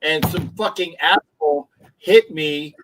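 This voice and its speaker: A man's voice: a little high, a little slow, fairly bright tone, a little hiss or hum, low-quality recording. A man hosting a casual sports livestream, rambling with many restarts and the odd swear word. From Philadelphia area. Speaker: livestream host.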